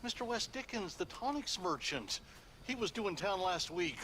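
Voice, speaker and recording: A man's voice: sits high, very animated, moderate pace, pushed and bright, full character voice. An actor playing a polite, earnest townsman of the old frontier in a video game. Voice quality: deferential, earnest. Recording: game audio with faint noise.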